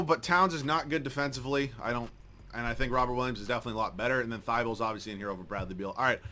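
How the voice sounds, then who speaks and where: A man giving live commentary over a basketball video game, excitable, swearing often and joking about his own skill, swinging from mumbling to yelling at the screen. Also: medium pitch, racing, a little hiss or hum. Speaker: gaming YouTuber.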